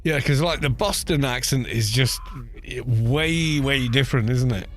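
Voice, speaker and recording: A man's voice: medium pitch, measured pace, a little hiss or hum. A British man chatting casually and laughing often while live-streaming a game, teasing how words are pronounced. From Britain. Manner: chatty, amused, laughs often, mocking put-on pronunciations.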